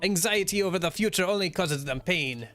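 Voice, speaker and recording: A man's voice: high-pitched, brisk, fairly bright tone, pitched above the performer's own voice. A grandiose masked villain from a video game declares his plans in a lifted, theatrical voice, as a man reads him aloud. Faint game music plays behind. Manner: theatrical, proclaiming.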